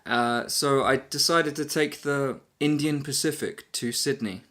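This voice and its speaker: A man's voice: mid-range voice, unhurried, a bit bright. A man telling a travel story casually to camera. He rambles and pokes fun at himself, with lots of fillers. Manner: rambling, self-deprecating, many fillers. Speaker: travel vlogger.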